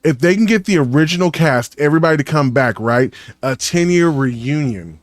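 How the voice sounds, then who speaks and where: A man's voice: a little high, lively intonation, moderate pace, no echo. A man co-hosting a casual podcast, laid-back and goofy, swearing casually as he chats. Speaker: podcast co-host.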